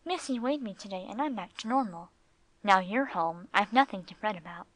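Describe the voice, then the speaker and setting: A woman's voice: mid-range voice, lively intonation, normal speed, fairly bright tone, no room sound. A woman reading the part of a timid, shy female dog. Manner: shy, hesitant.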